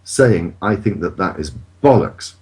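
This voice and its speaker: A man's voice: low voice, lively intonation, a little slow, a little mellow. A man on a podcast, talking in an indignant, emphatic way and swearing freely. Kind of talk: casual chat.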